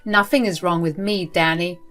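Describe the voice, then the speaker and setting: A woman's voice: on the low side, fairly even intonation, normal speed, a bit bright, soft background music, natural voice. A woman voicing a cold, spiteful older woman who runs a school, speaking in a cruel, dismissive way. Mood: contemptuous.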